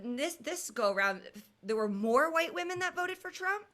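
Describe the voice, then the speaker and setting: Woman comic from Indiana, thirties, bright voice pitched a bit high, deadpan stand-up delivery. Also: normal speed. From Indiana, USA. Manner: deadpan, conversational, with filler ums. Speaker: stand-up comedian. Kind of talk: stand-up comedy set. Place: comedy venue with live audience.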